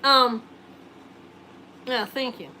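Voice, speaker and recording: A woman's voice: fairly high pitch, fairly even intonation, very slow, bright, forceful tone, low-quality recording. Woman host of a live jewelry sale; casual, chatty, joking, slight background noise. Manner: chatty, joking, thinks aloud while showing rings.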